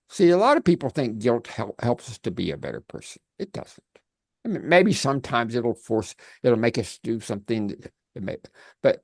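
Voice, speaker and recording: Animated male life coach on a video call. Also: mid-range voice, dry recording, studio quality. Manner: animated storytelling with frequent restarts.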